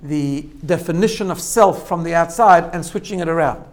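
A man's voice: a little high, normal speed. A man giving a spoken lesson, explaining step by step with frequent "right?" checks and repeated phrases. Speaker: teacher. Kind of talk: spoken lesson on self-growth.

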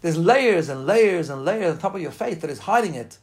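A man's voice: fairly high pitch, expressive, normal speed, a little mellow. A man giving an informal class on faith, speaking earnestly and emphatically and weaving in personal stories. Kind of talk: informal spoken class lecture with personal anecdotes.

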